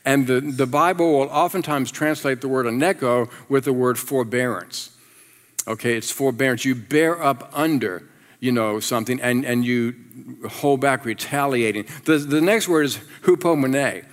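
A middle-aged male pastor preaching a sermon, telling self-deprecating stories in an animated way and getting the congregation to repeat words back. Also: medium pitch, moderate pace. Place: church sanctuary. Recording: long reverb of a church hall.

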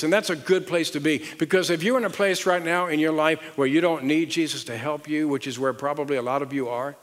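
Southern-accented pastor preaching in a hall. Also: male voice, on the high side, a little fast, hardly any pauses. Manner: conversational, repeats words, rising emphasis. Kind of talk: sermon. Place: large church auditorium. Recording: long hall reverb.

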